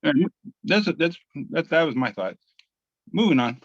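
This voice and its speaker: Guy on a podcast going through memes, bit higher voice, um-ing a lot, dry muffled sound. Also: big pitch swings, no room sound. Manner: halting, many fillers and restarts. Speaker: podcast co-host. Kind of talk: casual chat, reading memes aloud.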